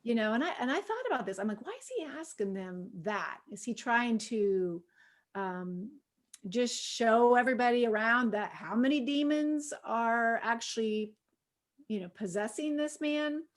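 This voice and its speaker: A middle-aged woman with a slightly high voice leads a women's Bible study in easy, conversational teaching. She fills her talk with "you know" and breaks into sudden loud bursts when she acts out a scene. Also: expressive, measured pace.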